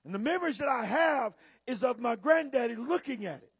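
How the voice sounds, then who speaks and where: A male preacher, giving a sermon with bursts of shouting and drawn-out emphasis to a church audience. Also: extremely high pitch, expressive, husky, no echo. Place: church or conference hall with audience.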